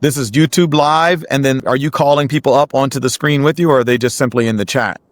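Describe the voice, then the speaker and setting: A man's voice: mid-range voice, steady tone, quick pace, dry recording. Guy hosting a podcast interview, mid voice, dry no room sound, easygoing questions. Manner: encouraging, conversational. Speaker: podcast host.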